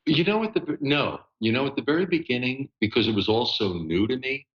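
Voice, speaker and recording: A man in his sixties, a voice actor, telling stories in a relaxed interview with many fillers and laughs. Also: medium pitch, a little fast, muffled recording. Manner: animated, laughing storyteller with lots of fillers. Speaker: guest voice actor. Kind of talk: casual interview storytelling.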